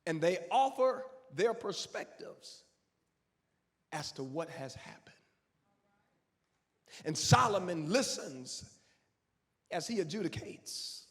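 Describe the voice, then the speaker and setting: A male pastor preaching a sermon dramatically, swinging from hushed tones to shouts. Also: sits high, sing-song, takes it slowly, long pauses. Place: church sanctuary. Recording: long church reverb.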